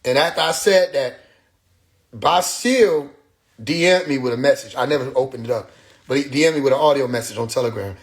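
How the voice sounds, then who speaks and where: A man's voice: medium pitch, a little fast. Rambling man livestreaming on his phone. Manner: loose, rambling, swears freely, slips into quoting others. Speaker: livestream host. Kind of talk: casual livestream monologue. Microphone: phone mic.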